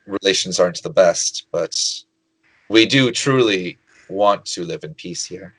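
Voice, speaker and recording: A gracious lizardfolk queen, formal and hesitant, as a man puts her on in a tabletop game. The voice sits fairly low. It is recorded close and dry. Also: dry recording, rough recording. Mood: courteous. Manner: formal, halting, polite. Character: courteous female lizardfolk queen, gentle and hesitant. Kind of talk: tabletop role-play.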